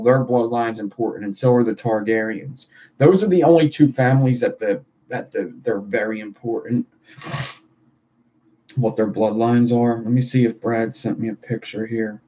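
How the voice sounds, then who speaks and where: A man's voice: medium pitch, dark tone, breathy edge. A man streaming live while he builds coils, talking in a loose, profane way with his viewers. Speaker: livestreamer building vape coils. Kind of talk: casual livestream chat. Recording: dull lo-fi stream audio with faint noise.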